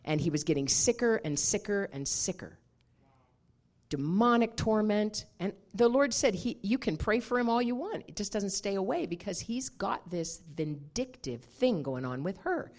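A woman minister preaching a sermon, telling a personal story in an animated way and laughing often. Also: medium pitch, moderate pace.

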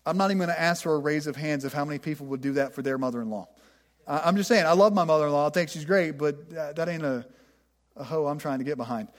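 A man's voice: fairly high pitch, quick pace. A middle-aged man preaching a sermon in a conversational way, often repeating words as he goes, with a self-deprecating streak. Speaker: pastor.

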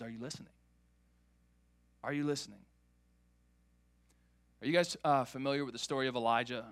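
A man preaching a sermon to his church, animated and repeating words as he builds each point. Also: medium pitch, no echo. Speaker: pastor.

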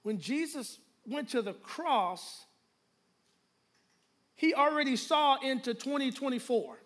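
A man preaching a sermon as pastor, drawing call-and-response from the congregation and swinging between hushed and loud slow phrases. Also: very high voice, animated.

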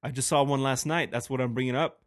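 A man's voice: medium pitch, fairly even intonation, fast talker, no echo, clean studio sound. A man co-hosting a casual podcast, joking and teasing with lots of swearing. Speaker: podcast co-host. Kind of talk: casual chat.

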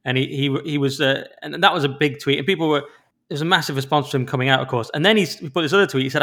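Fast-talking, bright-voiced man co-hosting. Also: on the high side. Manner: quick, animated and opinionated, with frequent restarts. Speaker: podcast co-host. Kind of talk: casual political podcast chat.

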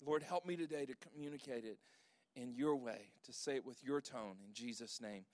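A man's voice: mid-range voice, moderate pace, darkish tone, no room sound. A man preaching a sermon as pastor, reading scripture emphatically and leading a prayer.

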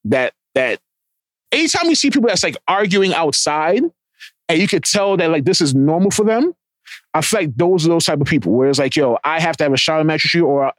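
A man's voice: medium pitch, no room sound. A man co-hosting a podcast in casual chat, rambling and profane with many restarts. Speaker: podcast co-host. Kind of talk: casual explicit podcast banter.

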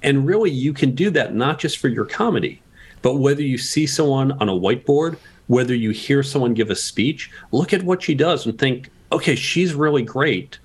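A man's voice: medium pitch, lively intonation, moderate pace, a little mellow, breathy edge. A man guest on a podcast interview, explaining communication tips and asking rhetorical questions as he goes.

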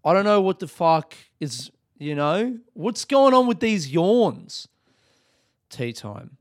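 A man's voice: high voice, very animated, slow pace, no room sound, studio quality. A young Australian man hosting a casual solo podcast, rambling upbeat and swearing freely. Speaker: podcast host.

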